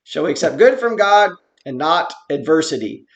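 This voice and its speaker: A man teaching a Bible study in an earnest, explanatory way, reading verses slowly and then commenting on them. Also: a little high, sing-song, muffled recording. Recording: roomy echo.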